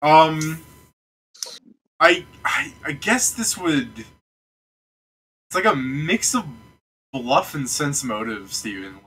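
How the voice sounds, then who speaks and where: A man's voice: on the high side, lively intonation, very slow, long pauses, pushed and bright, slight background noise, rough recording. A man running a tabletop game as game master, talking casually and rambling with frequent laughs.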